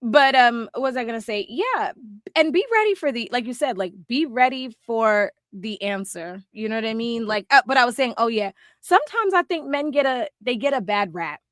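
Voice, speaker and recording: A woman co-hosting a podcast in casual chat, animated and laughing often, acting out little quoted exchanges. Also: fairly high pitch, moderate pace, dry recording, studio quality. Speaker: podcast co-host.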